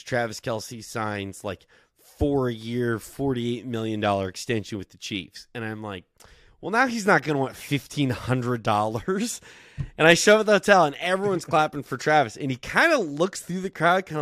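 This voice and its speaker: A young man tells stories to a podcast mic, animated and quick to act out the people he quotes. He swears freely and keeps a casual tone. His voice sits in a middle register, recorded dry and close. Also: mid-range voice, no room sound. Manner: animated, swearing, quoting others in dialogue. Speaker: podcast guest. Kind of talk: casual storytelling.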